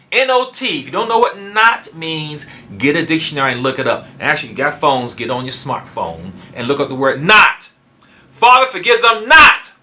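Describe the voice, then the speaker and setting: A man preaching a sermon emphatically, dropping into low quiet asides and stressing single words hard. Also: a little hiss or hum.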